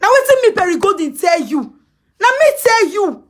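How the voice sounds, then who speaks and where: A woman with a Nigerian Pidgin English accent, ranting and scolding on a phone live stream, repeating herself emphatically and breaking into shouts. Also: very high voice, very animated, normal speed. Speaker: social media personality.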